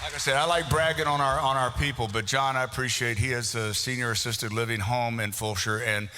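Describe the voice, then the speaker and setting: Here the emcee talks fairly quickly with a bright, forceful tone, his medium-pitched delivery staying fairly even in intonation. He calls names and pokes fun at the crowd during a live raffle, his words trailing off into the long reverb of a large hall.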